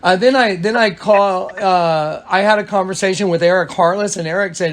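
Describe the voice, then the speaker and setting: A man with a fairly high voice talks over a phone call in a loose, rambling flow. He keeps restarting his sentences and slips into quoted speech as he retells conversations. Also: normal speed. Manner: rambling, many restarts and fillers. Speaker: caller recounting events.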